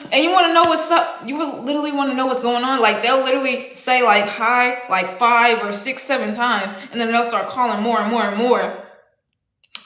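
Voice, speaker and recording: In an echoey room, a young woman with a high, sharp voice chats on a livestream. The talk is casual and rambling, laced with swearing and slang and broken up by frequent laughter.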